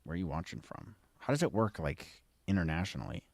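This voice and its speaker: Very deep, gravelly-voiced man chatting. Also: very animated, brisk, a little mellow, no room sound. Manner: laid-back, chatty, jokey. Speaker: podcast co-host. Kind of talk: casual live watch-along chat.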